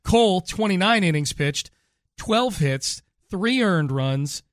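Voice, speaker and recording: A man with a fairly high voice hosts a casual sports talk show. He reads numbers slowly and deliberately, and the sound is dry and close to the mic. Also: expressive, no echo. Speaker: sports radio host.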